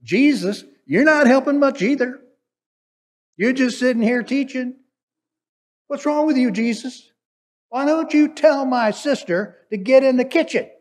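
A man's voice: extremely high pitch, a little slow, big-room sound, pitched above the performer's own voice. A man voicing an exasperated woman who is scolding her teacher in an indignant, complaining tone.

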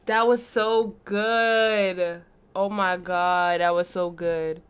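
A woman in her twenties hosting a casual reaction vlog from a room at home with a green screen, talking excitedly and repeating herself as she gushes. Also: lowish voice, drawn-out words, a little hiss or hum. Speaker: reaction channel host.

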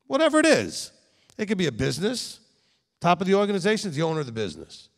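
A man's voice: sits high, fast, creaky. A middle-aged man, the rabbi who founded the congregation, giving a conversational sermon in an emphatic manner, often checking in with listeners. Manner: animated, emphatic, speaks directly to listeners with frequent "okay?". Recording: long reverb in a hall.

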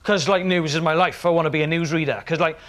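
A man's voice: fairly high pitch, fairly even intonation, fast talker, a bit bright, natural voice. A man playing a cocky young Welsh man who rambles, full of fillers, about wanting to be a newsreader. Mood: rambling. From Wales. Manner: rambling, filler-heavy boasting storytelling. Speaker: comedy character, aspiring newsreader. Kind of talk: sketch comedy performance.

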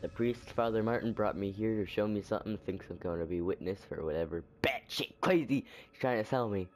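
A man's voice: lowish voice, brisk, a little mellow, slight background noise. A man giving casual let's-play commentary with jokey, crude, sarcastic asides. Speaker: gameplay commentator.

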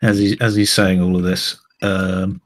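A man running a tabletop game, narrating scenes in a relaxed, joking way. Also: deep voice, unhurried. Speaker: game master.

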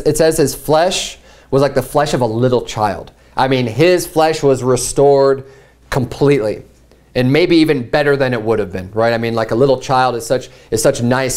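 A man preaching a sermon, reading scripture aloud and acting out the people in the story with lively, animated delivery. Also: medium pitch. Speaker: pastor.

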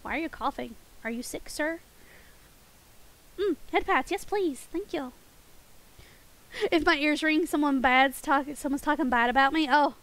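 A woman's voice: sits high, unhurried, pauses often, fairly bright tone, poor audio. A woman streaming a game and chatting playfully with her viewers, giggling often. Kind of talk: casual game stream chat with chat.

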